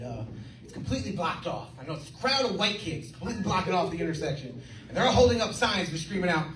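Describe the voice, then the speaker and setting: A man doing an animated stand-up comedy set, telling a story and mimicking chants. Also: sits high, recorded from a distance, slight background noise. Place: comedy club stage. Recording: roomy club, mic off-axis, crowd laughing. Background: audience laughter.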